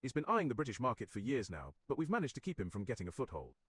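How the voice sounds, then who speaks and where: A man's synthetic voice playing a stern older businessman who talks in an indignant, brisk way. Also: mid-range voice, huge pitch swings, fairly bright tone, slightly rough, dry recording, studio quality, full character voice.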